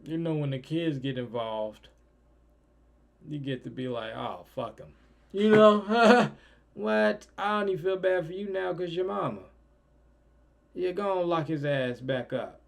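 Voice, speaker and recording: A young man giving casual, slangy reaction commentary, his voice swinging between loud outbursts and low mutters. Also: measured pace, creaky. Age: young adult. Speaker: reaction streamer.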